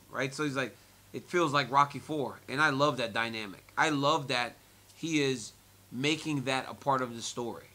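A man in his forties in a media interview, telling stories with lots of laughter and repeated phrases. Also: fairly high pitch. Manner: animated storyteller, laughs often, repeats phrases. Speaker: interviewee, former fighter and commentator.

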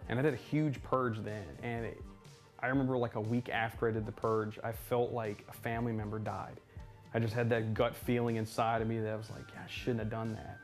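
A man's voice: lowish voice, little pitch movement, brisk, soft background music. A man recalling a past regret in a documentary interview. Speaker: VHS collector interviewee.

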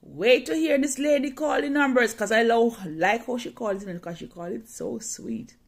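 A woman's voice: on the high side, normal speed. A woman telling a personal story in a dramatic, emotional way, often repeating phrases.

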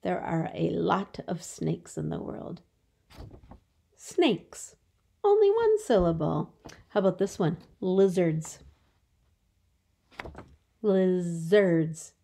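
A teacher giving a phonics lesson to young children, stretching out words slowly so they can count the syllables. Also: female voice, lowish voice, expressive, creaky, warm tone.

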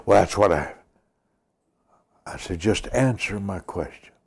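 An older man preaching and praying, slow and emphatic, repeating lines and dropping to a whisper. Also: low voice, animated, gravelly, a little mellow, breathy edge. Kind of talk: sermon with prayer.

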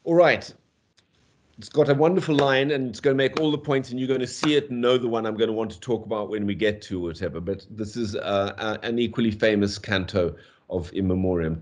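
A man with a South African accent giving an online university lecture on poetry, digressive and peppered with "okay?", reading verse slowly with stressed beats. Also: on the low side. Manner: digressive, fond of "okay?" and "or whatever". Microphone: video call.

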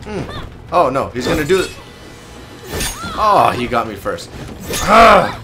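A man giving live gameplay commentary, excitable and teasing, with sudden yelps and laughs. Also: mid-range voice, measured pace. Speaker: gaming video host. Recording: game music behind the voice.

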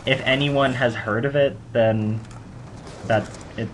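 A man's voice: medium pitch, steady tone, takes it slowly, a little hiss or hum. A young man hosting casual gameplay commentary, rambling and joking at his own expense. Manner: rambling, self-mocking, joking. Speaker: gaming channel host.

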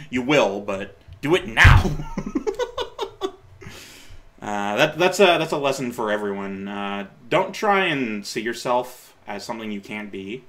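A man's voice: mid-range voice, fairly bright tone. A man in his late twenties, rambling and self-correcting as he comments on his old video, laughing at himself and offering encouragement. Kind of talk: casual reaction commentary.

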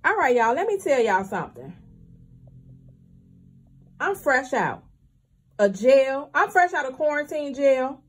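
A woman's voice: high-pitched, very animated, a little slow, long pauses. A young woman, chatting candidly to her viewers about her couponing trip and calling them y'all. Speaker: couponing vlogger. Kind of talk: casual chat to viewers.

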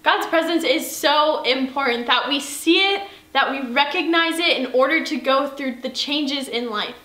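A woman's voice: high-pitched, moderate pace, pushed and bright, roomy sound. Earnest young woman giving a youth talk. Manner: earnest, chatty, addresses listeners directly. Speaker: youth leader.

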